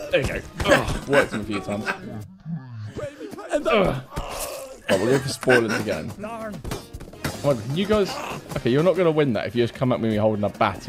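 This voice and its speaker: A man streaming a fighting game, reacting loudly, repeating himself and laughing often. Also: mid-range voice. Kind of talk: excited gameplay commentary.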